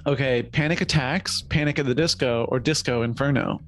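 A man's voice: medium pitch, a little fast, fairly bright tone, faint music behind. A man co-hosting a comedy podcast, playful and laughing often in casual chat. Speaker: podcast co-host.

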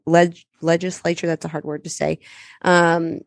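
A woman's voice: fairly low pitch, little pitch movement, moderate pace, creaky, no room sound. Blunt swearing woman on a podcast. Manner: blunt, laughs often, swears. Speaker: podcast co-host. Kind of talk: casual podcast chat.

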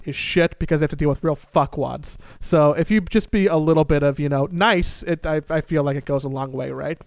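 A young man telling a funny personal story in a casual, animated and profane way, mocking himself. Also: a little high, no room sound.

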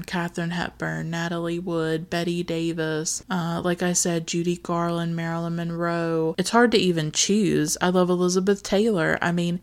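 A woman's voice: deep voice, creaky. A woman hosting a film podcast, who talks in an open, emotional, confessional way about old movies and about herself. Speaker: podcast host. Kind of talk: personal film podcast monologue.

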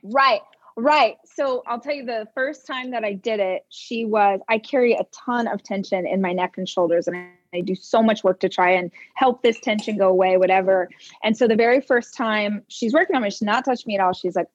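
A woman hosts a casual podcast chat, telling her stories in animated bursts and stretching out certain words. Her voice sits in the middle range and sounds dry and close. The audio is a little dull and muffled. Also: mid-range voice, no echo. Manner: animated storyteller, quick bursts and drawn-out words. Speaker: podcast host.

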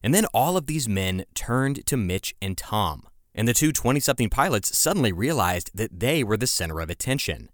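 A man's voice: lowish voice, big pitch swings, normal speed, no room sound, clean studio sound. A man hosting a podcast, telling a history story in scripted narration with casual, conversational asides. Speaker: podcast host.

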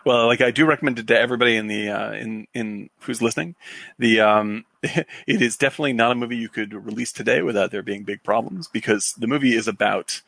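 A man with a gravelly, husky voice that sounds worn out. He rambles through a casual film chat, cursing and laughing as he goes. The sound is dry and close. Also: fairly low pitch, fast, fairly bright tone, no room sound. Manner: rambling, swearing, laughing often. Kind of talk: casual chat about old films.

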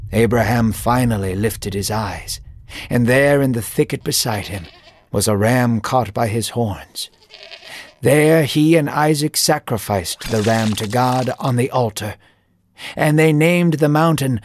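Guy narrating bible story, measured and emotive, middle pitch, soft music under.

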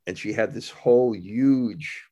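A man hosting a conversation, speaking haltingly with many fillers and restarts as he retells a story. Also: on the low side, dark tone. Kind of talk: conversational interview.

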